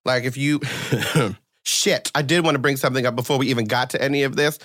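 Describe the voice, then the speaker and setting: A man's voice: medium pitch, steady tone, fairly quick, fairly bright tone. A man hosting a podcast in casual, chatty conversation, laughing often, on a close studio mic. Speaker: podcast host. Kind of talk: casual chat.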